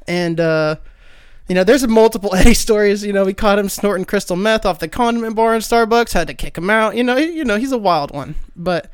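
A young man with a fairly high, smooth voice tells a story in a loose, laid-back way. He laughs often and swears casually. The sound is dry and close on a podcast mic. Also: a little fast, no room sound. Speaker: podcast guest.

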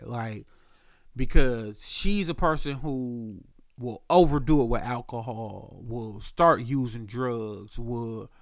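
A young man telling a rambling story on his podcast, loose and slangy, clearing his throat and saying "uh" a lot. His voice sits in a middling register, and the recording is dry and close with no room sound. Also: slow, no echo. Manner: loose slang-heavy storytelling, jumps up in pitch when quoting himself; frequent throat clearing and filler "uh". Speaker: podcast host. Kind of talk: casual storytelling monologue.

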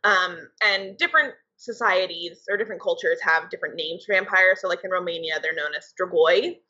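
A woman's voice: lowish voice, a little fast, sharp tone, slightly rough. A young adult woman co-hosting a podcast, explaining things in a loose, conversational way. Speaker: podcast co-host, writer and editor. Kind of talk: casual podcast chat. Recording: dull lo-fi podcast audio.

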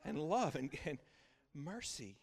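A middle-aged man delivers a sermon from the pulpit. His voice sits a little high for a man. He preaches with a repetitive, emphatic cadence, dropping to hushed, intimate lines before climbing to loud, exclaiming peaks. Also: very animated, slow, gravelly. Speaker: pastor.

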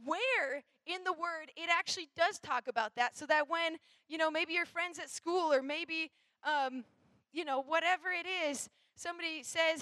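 High, bright-voiced woman preaching casually. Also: moderate pace, no echo. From Minnesota. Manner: chatty, rambling, lots of fillers. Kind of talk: youth sermon.

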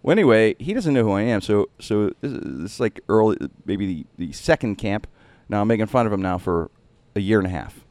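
A man with a somewhat low voice tells a story in a casual, animated way, leaping up in pitch at punchlines. It is recorded dry and close, with no room sound. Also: brisk, no echo. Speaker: radio host and impressionist.

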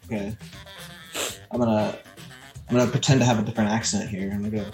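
A man's voice: lowish voice, steady tone, fast, long pauses, a little mellow, soft background music. Man playing a tabletop game in an echoey room. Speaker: player. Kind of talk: casual tabletop play.

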